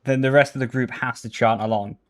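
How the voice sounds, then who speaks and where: A man's voice: mid-range voice, steady tone, fairly quick. A young man chatting casually on a sim racing livestream, thinking aloud as he sets up his rig. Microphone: headset.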